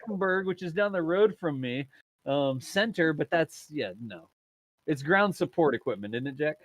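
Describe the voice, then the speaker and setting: A man's voice: fairly high pitch, expressive, moderate pace, a little hiss or hum. A man hosting a casual livestream, reading viewer messages aloud with lots of laughter. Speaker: livestream host.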